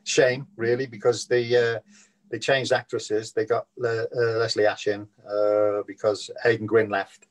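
Low-voiced man reminiscing. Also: measured pace. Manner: relaxed, chuckling storyteller. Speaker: actor guest. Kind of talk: casual interview chat.

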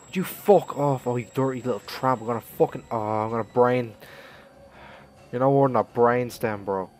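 Excitable, cursing man narrating a horror game. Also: medium pitch, moderate pace. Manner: excitable, swearing, yelping in fright. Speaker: gaming YouTuber. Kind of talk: let's play commentary. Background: game music.

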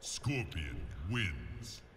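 An actor playing a menacing fighting-game announcer, calling out rounds and wins in slow, drawn-out, dramatic calls, heard from a TV across the room. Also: male voice, a bass voice, sing-song, fairly bright tone, full character voice. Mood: ominous. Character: menacing male arena announcer, ominous. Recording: game audio from a TV heard from far off, noisy.

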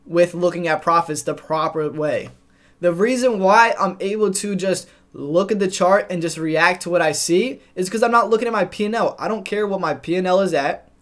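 A young man with a fairly high voice coaches his viewers on trading. He speaks directly and plainly, like a mentor giving advice to camera. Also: fairly bright tone. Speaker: trading educator. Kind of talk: scripted narration.

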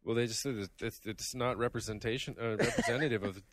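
A man's voice: mid-range voice, fast talker, a bit bright. A man on a gaming podcast panel, chatting casually and making wry jokes.

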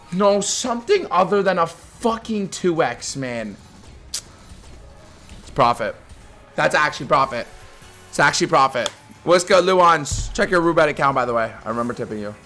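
A young man streaming slots live to his chat, swearing constantly and bursting into screaming hype, his voice going hoarse. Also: a little high, a bit bright. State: losing his voice. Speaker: gambling streamer. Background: faint slot game music.

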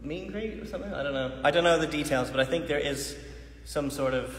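In his thirties, this man chats casually on a phone livestream from a large dance studio, talking fast in a slightly high voice. He reads out viewer questions and laughs often. The hall is echoey, with faint background noise.

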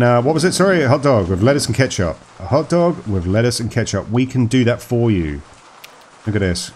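A man's voice: fairly low pitch, a little mellow, a little hiss or hum. A man chatting playfully as he plays a horror game, talking to its characters and joking along. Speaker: gaming video host. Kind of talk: let's play commentary.

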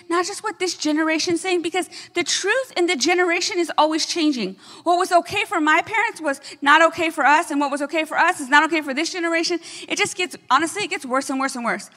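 High-voiced woman pastor preaching, reverberant hall. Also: fast talker, hardly any pauses. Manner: energetic preaching with frequent "right?" asides. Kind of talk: sermon.

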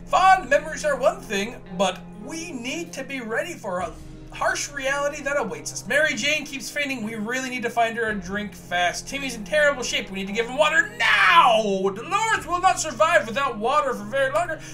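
A man's voice: extremely high pitch, expressive, moderate pace, sharp tone, soft background music. A man hosting a let's play of a survival game, reading its text aloud with mock drama and joking at his own slips. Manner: jokey, reads game text with mock drama, laughs at himself.

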